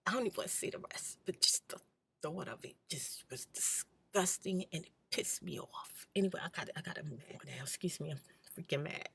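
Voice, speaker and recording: A woman hosting an ASMR channel, telling her personal story in a soft-spoken, candid, blunt way and sometimes dropping to a whisper. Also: fairly low pitch, expressive, brisk, vocal fry, husky.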